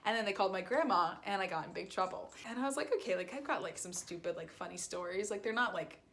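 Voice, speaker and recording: A woman's voice: medium pitch, quick pace, a bit bright, slight background noise. Rambling young woman telling a story. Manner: rambling, filler-heavy, acts out quoted lines in bursts. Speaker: vlogger. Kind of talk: casual storytime.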